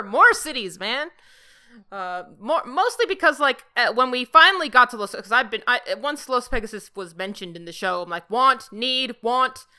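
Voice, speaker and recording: A woman in a casual chat, enthusiastic and excitable, rambling as she talks. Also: on the high side. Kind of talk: casual video-call chat.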